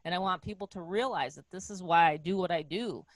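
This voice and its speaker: A woman's voice: lowish voice, a little fast, no room sound. A woman in her fifties hosting a team video call, speaking earnestly and emotionally with chatty fillers. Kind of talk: heartfelt motivational talk on a video call.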